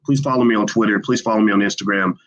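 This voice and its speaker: A man's voice: on the low side, steady tone, racing, muffled recording. A man hosting a casual livestream, talking in a loose conversational way with many fillers and restarts. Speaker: livestream host. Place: indoors, hotel.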